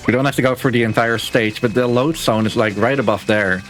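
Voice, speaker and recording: A man speedrunning a game on a live stream, explaining his moves in a relaxed, casual way with plenty of filler words. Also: mid-range voice, brisk. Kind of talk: casual live gameplay commentary. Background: game music.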